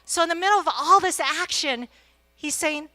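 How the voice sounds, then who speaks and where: A woman's voice: very high voice, normal speed, no echo. A middle-aged woman, an executive coach, giving a motivational conference talk, telling stories with energy and acting out quotes as she speaks to the audience. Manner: energetic storyteller, acts out quotes, addresses audience directly. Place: conference stage.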